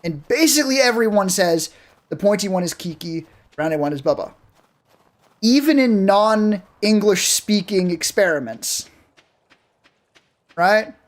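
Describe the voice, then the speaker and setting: A game streamer chatting casually with viewers while playing, rambling and swearing freely. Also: mid-range voice. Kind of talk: casual live-stream chat while gaming.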